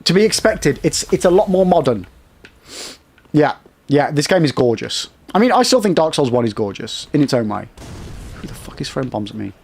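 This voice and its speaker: A man's voice: on the high side, very animated, brisk, creaky, darkish tone, slightly rough. A man livestreaming a game, chatting with viewers and swearing at enemies. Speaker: game streamer. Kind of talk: live gameplay commentary chatting with viewers.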